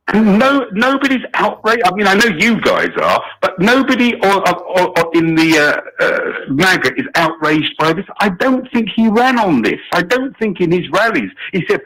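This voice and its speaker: A man's voice: high-pitched, very animated, normal speed, few pauses, pushed and bright, rough recording. Indignant British man calling in. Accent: British English. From Britain. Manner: indignant, rambling, many restarts. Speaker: caller. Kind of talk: phone-in call.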